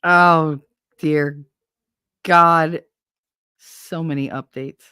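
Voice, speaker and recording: A woman hosts a relaxed livestream with a lowish voice, talking into a desk mic in a dry, close sound. She drifts between thoughts, swears casually and breaks into laughter often. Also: very slow, clean tone, no echo. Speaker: livestream host. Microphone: desk microphone.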